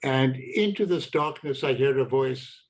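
An older man, recounting his own life story in a reflective, deliberate way, repeating words for emphasis. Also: medium pitch, low-quality recording. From South Africa. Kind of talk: personal storytelling.

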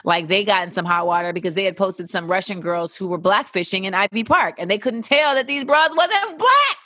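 A woman's voice: medium pitch, lively intonation, a little fast, pushed and bright, dry recording, clean studio sound. A young woman hosting a casual chat and answering listener questions in a blunt, candid, sometimes profane way. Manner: blunt, candid and profane, with playful voices for quotes.

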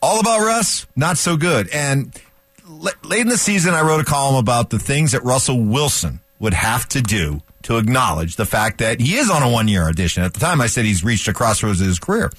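A man's voice: medium pitch, big pitch swings, fairly quick, fairly bright tone, slightly rough, no echo. A man co-hosting a sports talk radio show, bantering casually, asking rhetorical questions, and laughing easily. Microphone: studio microphone.

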